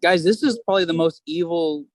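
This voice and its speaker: A man co-hosting a casual film-review podcast, excitable and joking. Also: a little high, fairly quick, background noise. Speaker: podcast co-host. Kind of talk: casual chat.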